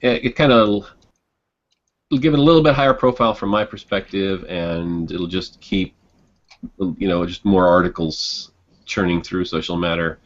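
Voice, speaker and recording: A man chatting casually in an online group hangout, rambling with many restarts and quick chuckles. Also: low voice. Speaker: online hangout participant and blogger. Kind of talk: casual group video chat. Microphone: computer mic on a video call. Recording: muffled lo-fi call audio.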